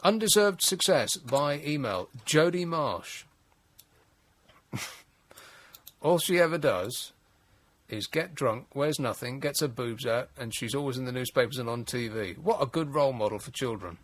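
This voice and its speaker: A man's voice: medium pitch, animated, measured pace, fairly bright tone, dry recording. A man hosting a late-night radio phone-in, wry and exasperated, rambling with frequent restarts. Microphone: studio mic.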